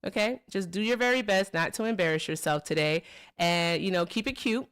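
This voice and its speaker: This livestream host has a smooth, mid-range voice that's a bit bright and brisk. She runs a live political call-in stream in a chatty, upbeat manner, greeting viewers and callers with plenty of "y'all" in casual conversation.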